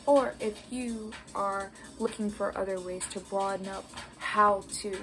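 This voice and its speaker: An American woman from the United States vlogs casually about learning a language, sharing tips in an earnest, encouraging way with American English. Her mid-range voice is steady and a little slow, over background music.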